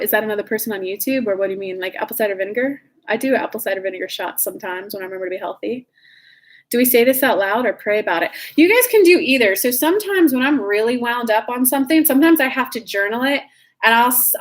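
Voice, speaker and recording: A woman coaching live-stream viewers in a casual, chatty way, greeting them by name and swearing freely. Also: fairly high pitch.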